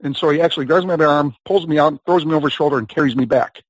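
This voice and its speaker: A professional wrestler with a fairly high voice tells a long anecdote as an interview guest, speaking fast and casually, laughing and doing quoted voices. The recording is rough, though there's no room sound.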